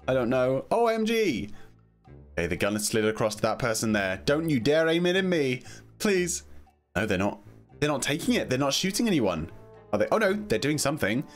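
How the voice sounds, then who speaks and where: A man commenting excitedly on a video game as he plays, jumpy and quick to laugh. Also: mid-range voice, soft background music. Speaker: gaming video host. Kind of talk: gameplay commentary.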